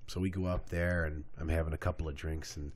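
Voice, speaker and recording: A young man co-hosting a podcast, telling a story among friends in a casual, animated way, acting out quotes and swearing freely. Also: very deep voice, quick pace. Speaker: podcast co-host.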